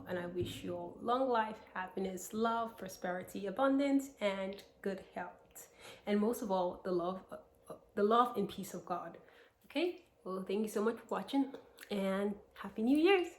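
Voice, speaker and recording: A woman's voice: mid-range voice, moderate pace, a little hiss or hum. A young American woman vlogging, chatting to her viewers in a rambling way with lots of fillers and restarts. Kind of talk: casual chat to camera. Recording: echoey room.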